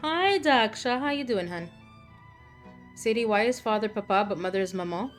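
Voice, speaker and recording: A young woman streams a game with a mid-range voice and brisk pace, chatting casually, cracking jokes and reading the game text aloud. Faint music plays behind her.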